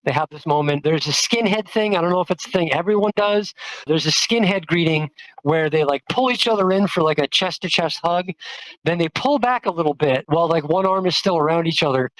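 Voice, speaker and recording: A trans woman, telling a personal story in a casual, chatty way, full of "like" fillers, with quotes acted out in a higher voice. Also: dry recording, poor audio. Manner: chatty, many "like" fillers, acts out quotes with jumps in pitch. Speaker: storyteller, activist.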